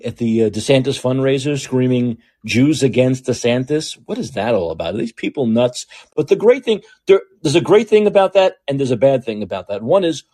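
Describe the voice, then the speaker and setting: Male commentary host, blunt and swearing, lively pitch, dry close sound. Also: breathy edge, no room sound. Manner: blunt, profane, ranting with restarts. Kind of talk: opinionated political commentary.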